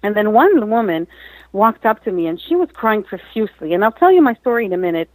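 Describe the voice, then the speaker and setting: A woman speaking as a guest motivational speaker, her voice recorded close and dry with almost no room around it. She tells a personal story earnestly in an interview, rambling and restarting phrases as she goes. Her pitch sits in an ordinary middle range. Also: big pitch swings, quick pace, no room sound, poor audio.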